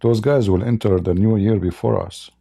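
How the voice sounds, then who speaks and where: A middle-aged man with a dark, gravelly, husky voice hosts a casual livestream, and he is hoarse from hours of talking. He mocks and chuckles as he goes, and often stops to cough and clear his throat. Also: lowish voice, fairly even intonation, moderate pace. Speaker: livestream debate host.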